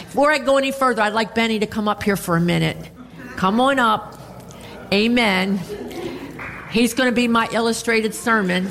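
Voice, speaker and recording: A woman delivers a sermon from the pulpit, her voice sitting a little high. She preaches expressively and peppers her points with amens. Long reverb from the church sanctuary trails behind her words. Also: moderate pace, long pauses, fairly bright tone. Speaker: pastor.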